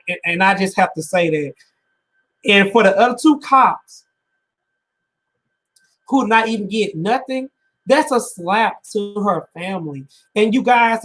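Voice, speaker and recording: A man's voice: high-pitched, expressive, a little slow, pauses often, a bit bright. Emotional man near tears on a panel show. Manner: emotional, repeats himself, builds to raised urgency. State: close to tears. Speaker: podcast co-host. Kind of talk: impassioned panel commentary.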